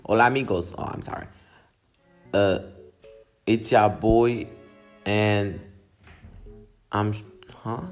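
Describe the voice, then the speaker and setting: A man's voice: fairly low pitch, fairly even intonation, slow pace, pauses often, soft background music. A young man vlogger casually commenting on his own silent video, laid-back, swearing and mocking himself.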